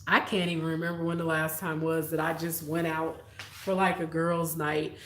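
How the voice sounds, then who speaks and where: A woman's voice: sits low, level tone, moderate pace, a bit bright. A young adult woman, telling childhood stories and chatting with viewers on a late-night live stream, laughing often. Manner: laughs often, storytelling, reads viewer comments. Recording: echoey room.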